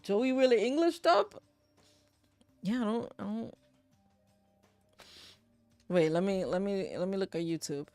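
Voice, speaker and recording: A woman's voice: medium pitch, lively intonation, measured pace, pauses often, a little mellow, no echo, soft background music. Blunt, chatty New York woman gamer. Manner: chatty, blunt, swears freely, reads game text aloud. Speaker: gaming streamer. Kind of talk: casual let's-play commentary.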